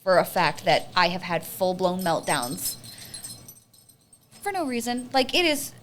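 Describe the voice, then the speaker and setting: Dramatic, expressive young woman. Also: lowish voice, a little slow, slight background noise. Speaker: podcast co-host. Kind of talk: casual chat.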